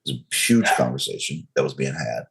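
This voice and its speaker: Deep southern guy from north carolina on a podcast, slow careful talker. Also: very animated, vocal fry, fairly bright tone. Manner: slow, controlled, deliberate delivery. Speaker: guest. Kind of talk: podcast interview storytelling.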